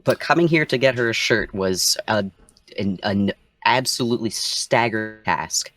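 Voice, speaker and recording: A man playing in a tabletop game, speaking in a halting, hesitant way. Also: fairly low pitch, lively intonation, background noise. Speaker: player. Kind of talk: casual tabletop play.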